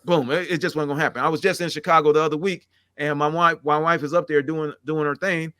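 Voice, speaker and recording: A man's voice: on the high side, steady tone, quick pace, a bit bright, clear, resonant tone, dry recording, clean studio sound. A middle-aged man talking candidly and at length, rambling and acting out the conversations he recounts. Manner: rambling, earnest, acts out quoted exchanges. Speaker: podcast guest.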